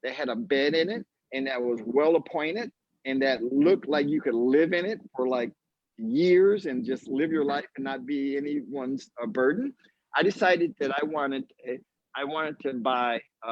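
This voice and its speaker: A man, a golf instructor, telling a story in an animated way on a live video call, acting out the other people's voices. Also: medium pitch, a little slow, no room sound. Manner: acts out quoted voices, laughs mid-story. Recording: dull lo-fi live stream audio.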